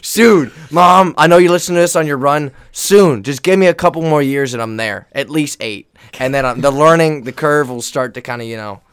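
A young man, a volleyball player co-hosting a casual chat, telling animated stories with quoted voices and frequent laughter. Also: on the high side, brisk, hardly any pauses, clean tone. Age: young adult. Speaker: volleyball player and podcast co-host.

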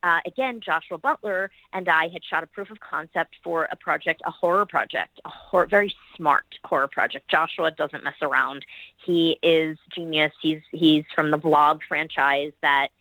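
Bright-toned, gushing actress on a podcast. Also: female voice, sits low, moderate pace, no room sound, poor audio. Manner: enthusiastic, rambling, gushing about colleagues. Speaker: actress and producer guest. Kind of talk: podcast interview talk.

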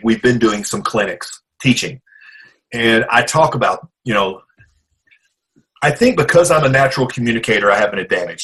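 Man giving measured interview advice. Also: medium pitch, a bit bright, poor audio. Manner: measured, reflective, clears throat. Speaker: former wrestling champion, guest. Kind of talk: interview answers.

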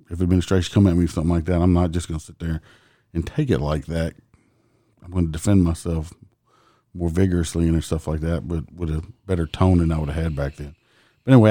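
A man's voice: sits low, dark tone, no echo, studio quality. A man, a host telling a casual, profane story and laughing as he goes. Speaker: podcast host and police officer.

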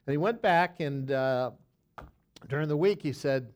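A man's voice: fairly high pitch, measured pace. A man, a pastor, teaching a Bible study in a conversational, folksy way, telling an illustration with frequent restarts and dry asides.

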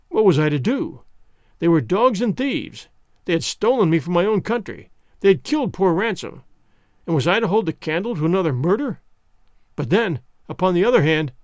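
A male audiobook narrator tells a classic adventure in the first person. His reading is expressive, moving through a lively, wide pitch range on a slightly high voice. The recording is dry and close. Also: no room sound. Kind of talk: scripted narration of a classic novel.

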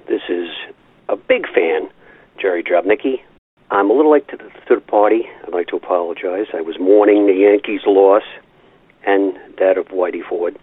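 A man's voice: deep voice, slightly rough, dry recording. An older man leaving a rambling, nostalgic voicemail, chuckling as he tells his stories. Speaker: caller. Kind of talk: voicemail storytelling. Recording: tinny phone-line voicemail.

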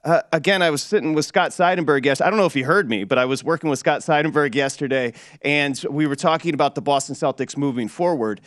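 A man from Detroit hosts a sports betting show, and his voice sits slightly high. The sound is close and dry, with no room around it. He teases his co-host in a wry, mock-solemn way. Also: quick pace, few pauses, fairly bright tone, no room sound. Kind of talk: sports betting radio chat.

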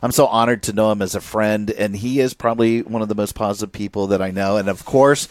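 A man with a fairly low voice hosts a podcast interview, speaking with eager enthusiasm and many small fillers. The sound is dry and close. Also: fairly even intonation, fast, no echo. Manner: enthusiastic, warm praise, filler-heavy. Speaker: podcast host.

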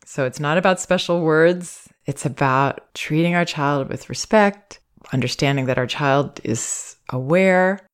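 A woman hosting a parenting advice podcast, talking in a calm, measured, thoughtful way. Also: low voice, clean tone.

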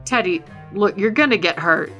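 A woman voicing a tired middle-aged cartoon dad who keeps reasoning with his excitable wife. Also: mid-range voice, normal speed, muffled recording, soft background music, close to an everyday voice. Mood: exasperated.

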